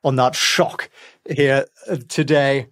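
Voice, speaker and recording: A man's voice: fairly high pitch, normal speed. A man giving casual stock market commentary at home, chatty and wry with sarcastic asides. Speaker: finance vlogger. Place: home, with a pet nearby.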